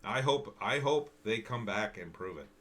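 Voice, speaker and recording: An American man talks alone into his mic, commenting on news clips. His voice is bright and forceful, set fairly low, and he sounds indignant, stumbling over restarts and hammering the same point again and again. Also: expressive. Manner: indignant, repetitive, halting with restarts. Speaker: political commentary vlogger. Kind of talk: solo commentary reacting to news and videos.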